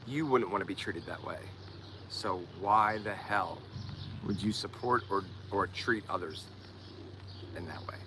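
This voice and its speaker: This livestreamer's voice is low and unhurried, with background noise behind him. He has a Philadelphia accent, comes from Delaware County, Pennsylvania, and chats casually to viewers, frequently repeating words as he looks for them.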